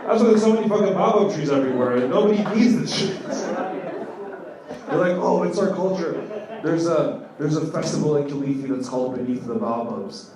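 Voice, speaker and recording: A man's voice: on the high side, expressive, brisk, crowd noise. Male stand-up comic, young adult, rambling with "like" fillers, distant mic, very echoey club, audible room noise. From Kenya. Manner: loose storytelling with many "like" fillers, rising to loud punchlines. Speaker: stand-up comedian. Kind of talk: stand-up comedy set. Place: comedy club stage.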